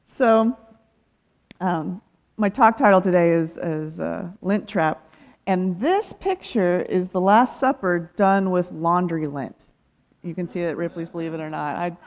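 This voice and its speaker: A woman's voice: lowish voice, a little slow, long pauses, darkish tone. Woman guest speaker, playful sermon with self-deprecating humor; slightly dull recording in a reverberant hall. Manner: humorous, self-amused, laughs often. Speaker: guest speaker, ministerial student. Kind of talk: sermon with personal stories. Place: church sanctuary.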